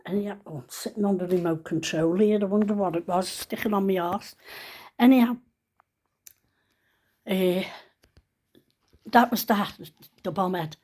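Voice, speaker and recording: A woman's voice: mid-range voice, unhurried, pauses often, a little mellow. Earnest woman in her sixties telling a story. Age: 60s. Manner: chatty, earnest, folksy storytelling. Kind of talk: casual storytelling vlog. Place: at home, sitting on a sofa.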